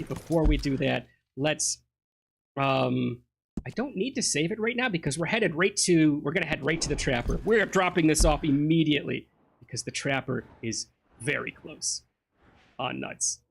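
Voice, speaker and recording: A man's voice: fairly high pitch, expressive, normal speed, vocal fry, fairly bright tone, a little hiss or hum. A man casually commenting on his playthrough of a game, chatty and joking. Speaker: let's play gamer.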